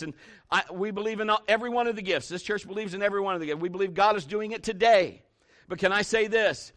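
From the pulpit, a pastor preaches with a high, bright voice at a fairly quick pace. His sermon is emphatic and lively; he repeats key points and acts out stories for the church.

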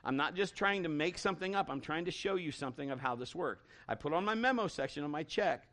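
A middle-aged man preaching a sermon as a pastor, telling a folksy story in an animated way with lots of restarts and acted-out quotes. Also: on the high side, fast.

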